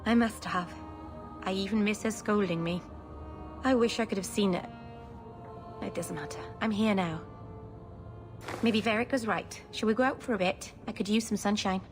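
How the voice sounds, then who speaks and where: An actress playing a sweet, nervous young elf mage in a game, rambling earnestly and putting herself down. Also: female voice, mid-range voice, normal speed, long pauses, over music, natural voice. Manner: earnest, self-deprecating rambling.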